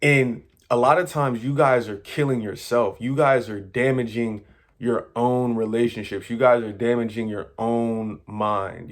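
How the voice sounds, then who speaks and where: Earnest man lecturing, steady mid pitch. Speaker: manifestation coach. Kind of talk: motivational monologue to viewers.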